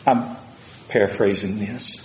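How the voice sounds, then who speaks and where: A man's voice: fairly low pitch, fairly even intonation, unhurried, slight background noise. A man preaching a sermon, paraphrasing scripture and building to fervent calls. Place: church sanctuary. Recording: roomy church echo.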